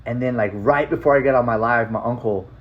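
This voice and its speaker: A man telling a personal story in a casual, rambling way, full of filler words and swearing, emotional and excited. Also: medium pitch, fairly quick, narrow, tinny audio. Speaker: vlogger.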